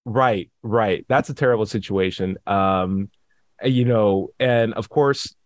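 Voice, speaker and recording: A man's voice: on the low side, takes it slowly, dry recording. A man in casual podcast chat, arguing with sarcasm and acting out quoted people in mocking voices.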